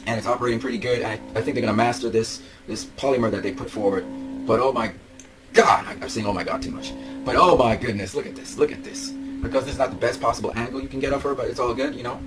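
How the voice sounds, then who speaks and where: A man's voice: mid-range voice, steady tone, quick pace, music in the background, poor audio. A young man gushing over collectible figures in a vlog, laughing and repeating himself as he talks. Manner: gushing, breaks into laughs and shouts. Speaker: vlogger. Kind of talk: excited toy-collector commentary.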